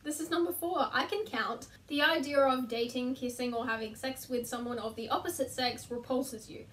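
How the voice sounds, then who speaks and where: A woman's voice: sits high, moderate pace, a bit bright, recorded from a distance. A young woman chatting casually to camera from her bedroom floor, self-deprecating and laughing at herself. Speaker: vlogger. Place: bedroom, sitting on the floor between two beds.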